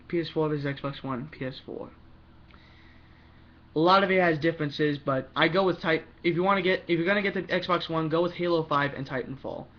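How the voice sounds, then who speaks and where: A man's voice: on the high side, muffled recording. A young man giving a rambling opinion vlog about games, often stopping to restart his sentences. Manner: rambling, restarts often, talks fast in bursts. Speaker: gaming vlogger.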